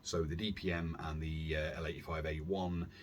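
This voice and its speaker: A man hosting a casual airsoft gear vlog from his warm room at home, rambling along with self-deprecating asides and filler words. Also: extremely low pitch, level tone, moderate pace, a little hiss or hum. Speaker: airsoft YouTube channel host. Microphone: camera on a stand.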